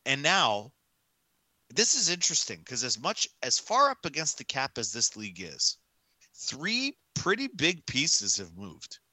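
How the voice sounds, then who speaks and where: A man holds forth on a casual sports podcast, emphatic and ranting, circling back to the same point for effect. His voice is very bright and cutting, and the sound is close and completely dry. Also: mid-range voice, wildly swooping pitch, measured pace, no room sound. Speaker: podcast co-host.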